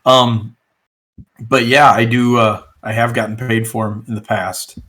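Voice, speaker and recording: A man narrating as game master of a tabletop game, relaxed and rambling, with lots of fillers. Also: medium pitch, measured pace.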